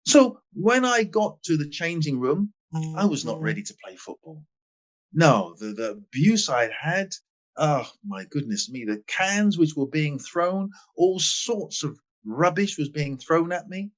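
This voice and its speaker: A man in his sixties from England, a guest in a podcast interview, telling stories with emphatic stress and quiet asides. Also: a little high, sing-song, unhurried. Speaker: guest, former footballer. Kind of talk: animated storytelling in a podcast interview.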